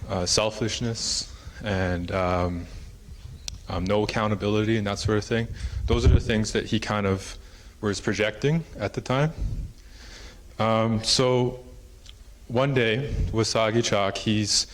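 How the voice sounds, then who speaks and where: A man's voice: lowish voice, fairly even intonation, unhurried, slight background noise. A man presenting at a conference, telling a traditional story in a casual, rambling way with many fillers. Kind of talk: oral storytelling in a conference talk. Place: conference hall.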